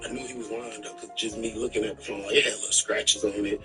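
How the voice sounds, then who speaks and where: A man tells a long story on his live stream, loose and animated, full of slang and swearing. He sits back from the mic, so his voice sounds a bit distant. Music plays clearly underneath him the whole time. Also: on the low side, fast talker. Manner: animated, slangy retelling with profanity.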